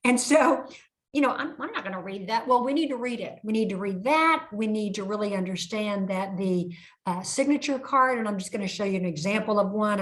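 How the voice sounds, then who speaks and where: An older woman leading an online compliance training for bankers, telling anecdotes and acting out dialogues in a lively way. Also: medium pitch.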